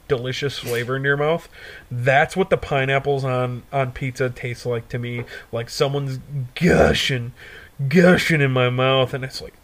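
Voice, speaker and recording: A young man co-hosting a podcast, telling a stoner story in a profane, animated way and laughing often. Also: mid-range voice. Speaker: podcast co-host. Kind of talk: casual storytelling chat.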